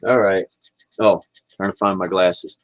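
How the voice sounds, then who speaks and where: A man's voice: low-pitched, no room sound, poor audio. A man chatting casually about spirituality into his computer microphone, rambling and laid-back, laughing often. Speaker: vlogger. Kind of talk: casual spiritual livestream chat. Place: indoors at home, speaking into a computer.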